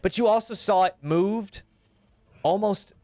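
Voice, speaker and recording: A man narrating a tabletop game as game master in a calm, deliberate way. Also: high-pitched, no echo. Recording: dry close mic with faint music.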